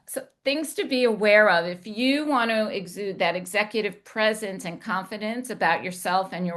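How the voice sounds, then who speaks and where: A woman communication coach giving a deliberate instructional talk, demonstrating inflection as she goes. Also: mid-range voice, a bit bright.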